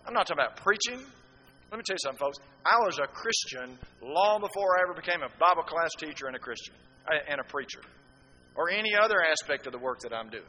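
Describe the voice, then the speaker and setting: A middle-aged man preaching a sermon to a congregation, swinging from loud emphatic peaks down to soft, low passages. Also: lively intonation, fast, muffled recording, a little hiss or hum. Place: room with a congregation.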